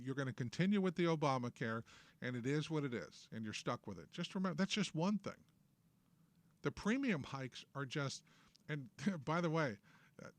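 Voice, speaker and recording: A man's voice: medium pitch, dry recording. A man with a New York accent hosting a political talk show, ranting in a sarcastic, emphatic way. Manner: opinionated, sarcastic, emphatic rants. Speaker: host.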